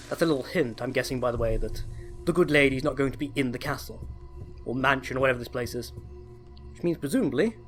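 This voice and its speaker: A man chats his way through a stealth game, eager and rambling, often correcting himself mid-sentence. His pitch sits in an ordinary middle range. Faint music plays quietly underneath. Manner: chatty, enthusiastic, self-correcting. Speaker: let's play host. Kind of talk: casual gameplay commentary.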